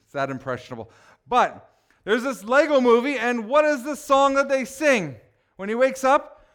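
Lively, high-voiced male pastor preaching. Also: moderate pace, smooth. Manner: animated, teasing, conversational preaching. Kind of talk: sermon.

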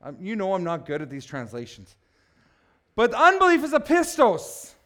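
Animated high-pitched male preacher. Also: normal speed. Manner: animated, rising to shouts with joking asides. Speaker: pastor. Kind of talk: sermon.

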